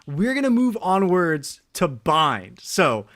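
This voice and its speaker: A man's voice: a little high, very animated, slow, fairly bright tone. Teasing male esports co-caster. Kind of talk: esports commentary.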